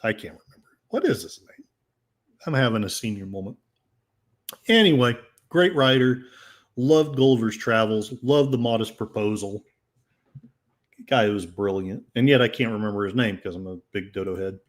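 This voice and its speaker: A man's voice: on the low side, expressive, normal speed, pauses often. An older man hosting a podcast, reading headlines aloud and commenting with sarcasm and many fillers. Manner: sarcastic, rambling, with frequent fillers. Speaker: podcast host.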